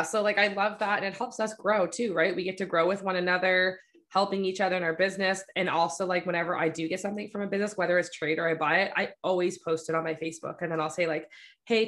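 A woman's voice: on the low side, fairly even intonation, quick pace, fairly bright tone. A woman photographer chatting casually on a podcast about her business. She is blunt and playful, and she acts out conversations with her friends. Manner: blunt, self-described smart aleck, acts out quoted friends with laughter.

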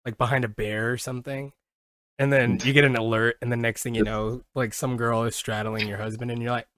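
A man co-hosting a podcast in casual chat, talking with lots of "like" and restarts, and loudly yelling when he does impressions. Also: mid-range voice, fairly quick, no room sound, clean studio sound. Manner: animated, swings into loud yelling impressions. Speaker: podcast co-host.

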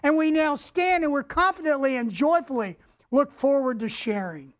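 A man's voice: extremely high pitch, normal speed. A male pastor preaching a sermon, emphatic, repeating key words and having the congregation say them back. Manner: addresses the congregation directly.

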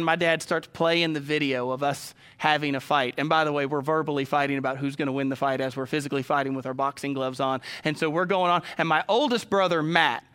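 A man's voice: on the high side, bright, forceful tone, clear, resonant tone. A man preaching a sermon, telling stories and addressing the congregation directly. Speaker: pastor.

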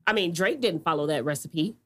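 A woman co-hosting a casual podcast chat, animated and profane, quick to laugh. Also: deep voice. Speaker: podcast co-host. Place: Austin podcast recording.

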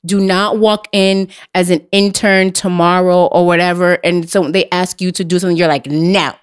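A woman's voice: lowish voice, level tone, normal speed, clean tone. A young adult woman hosting a podcast, talking bluntly and emphatically, repeating her points and swearing freely. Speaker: podcast host. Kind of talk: casual chat.

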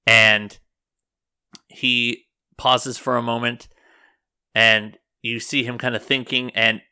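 Game master, man, low and very bright, dry close sound. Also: smooth, no echo. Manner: cinematic scene-setting with fillers. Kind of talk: narrating a tabletop game.

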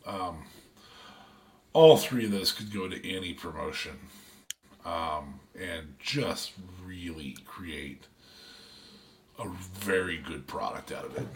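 A man's voice: deep voice, slow pace, long pauses. A man co-hosting a casual podcast chat, hesitant, with many ums and restarts as he thinks aloud. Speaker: podcast co-host.

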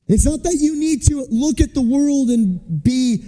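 A preacher and missionary delivers a sermon like a conversational story, acting out the voices of the people he quotes. His voice is extremely high, warm and animated, a little slow yet with hardly any pauses. A large hall gives a long reverb.

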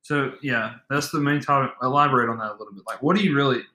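A man's voice: medium pitch, fast, bright, forceful tone. A young man co-hosting a faith podcast, speaking earnestly and emphatically. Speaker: podcast co-host. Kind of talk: casual faith podcast talk. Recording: echoey room.

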